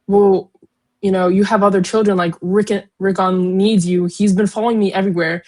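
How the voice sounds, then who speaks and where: A woman's voice: medium pitch, fairly even intonation, normal speed, darkish tone, close to an everyday voice. A young woman quoting an overwhelmed teenage lord. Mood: pleading. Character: earnest teenage boy lord, overburdened.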